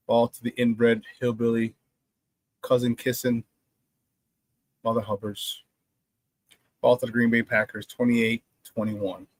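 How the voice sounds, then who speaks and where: A man's voice: mid-range voice, a bit bright, dry recording. A man hosting a casual sports talk show, brash and profane, trash-talking rivals and laughing often between remarks.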